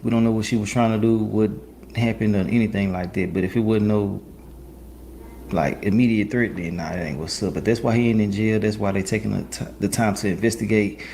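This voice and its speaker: A man giving relaxed, slangy commentary while reacting to a clip on his stream. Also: fairly low pitch, brisk, a little hiss or hum. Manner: laid-back, slangy, musing. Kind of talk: casual commentary.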